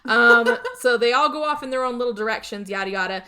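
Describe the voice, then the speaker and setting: A woman's voice: fairly high pitch, brisk, sharp tone. A woman hosting a podcast who casually recaps a movie plot, rambling, swearing and checking in with her listener. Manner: chatty, rambling, swears, keeps checking in with "okay?". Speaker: podcast host.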